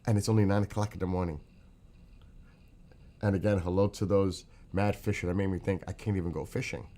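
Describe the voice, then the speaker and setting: This is a man from New York with a clear New York accent and a very low voice. He rambles in a loose, friendly way through his morning livestream, greeting viewers by name as he goes. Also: steady tone, fairly quick, mellow. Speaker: livestream host. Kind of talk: casual morning livestream chat.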